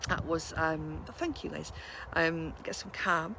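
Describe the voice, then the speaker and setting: A woman's voice: deep voice, lively intonation, unhurried, vocal fry, noisy background. A woman hosting a mindfulness session, chatting casually after a guided meditation and laughing often at herself.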